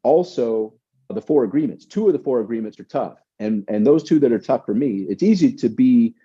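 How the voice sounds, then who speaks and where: A man's voice: medium pitch, expressive, brisk, dark tone, husky. A man telling stories as an interview guest, emphatic and repeating words as he talks. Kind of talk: conversational interview. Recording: dull lo-fi sound.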